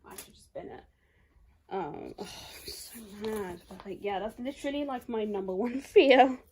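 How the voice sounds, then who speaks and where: A woman's voice: fairly high pitch, moderate pace, darkish tone, a little hiss or hum. A young woman chatting casually at home as she unboxes items. Her talk rambles and is full of "like". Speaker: YouTuber. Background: faint crinkling of packaging.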